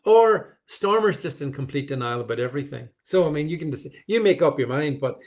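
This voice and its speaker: A man's voice: a little high, animated, brisk. A man hosting a show, giving emphatic, opinionated political commentary and reading out viewer comments, often stumbling and repeating words as he builds up steam. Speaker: show host.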